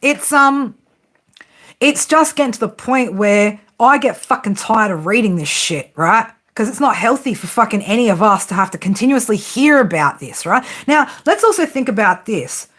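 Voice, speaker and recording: A fed-up woman venting to her viewers as a psychic reader, cursing nearly every sentence and tossing in "right?" after each point. Her voice sits a little high, and she breaks into laughter between the complaints. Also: expressive, normal speed, fairly bright tone. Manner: swears constantly, laughs often; exasperated, repeats "right?". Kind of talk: ranting to viewers.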